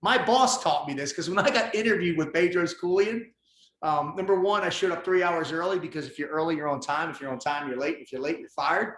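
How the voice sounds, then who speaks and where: A man guest on a podcast, telling his story in casual conversation, intense and animated, swearing freely. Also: on the high side, a little fast. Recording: roomy echo.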